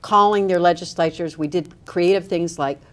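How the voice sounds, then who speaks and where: A middle-aged woman, telling an animated story with wry humor in an interview. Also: lowish voice, moderate pace.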